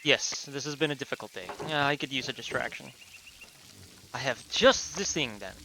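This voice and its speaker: A man voicing a troubled male artist from a video game, reading his lines in a lower voice with a quick, clipped delivery. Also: gravelly, pushed and bright, slight background noise.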